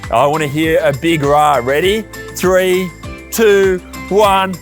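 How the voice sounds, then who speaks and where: A man's voice: fairly high pitch, fairly even intonation, slow pace, faint music behind. A man hosting a children's church show, upbeat and calling out actions to the kids. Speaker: children's ministry presenter. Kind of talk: energetic kids' show hosting.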